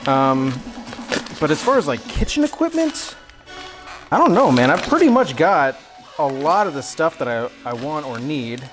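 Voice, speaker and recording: Cooking in his home kitchen during a casual livestream, a man jokes and chats with viewers and talks to himself as he works. His voice is fairly high and sing-song at a normal speed, with music in the background.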